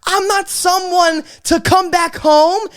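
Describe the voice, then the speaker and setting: A man in his twenties hosting a casual comedy podcast, talking in an animated, sweary way and acting out his family. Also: very high voice, slow. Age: 20s. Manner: animated, swearing, acts out his parents in loud exaggerated voices.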